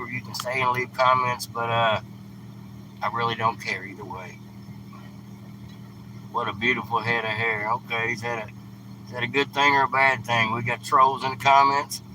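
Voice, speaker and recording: A man hosting a casual live stream from his truck, talking bluntly and scolding at times. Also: mid-range voice. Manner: blunt, scolding, plain-spoken. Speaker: live-stream host handing out food. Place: inside a truck, by the street. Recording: traffic noise from outside. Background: car and street noise.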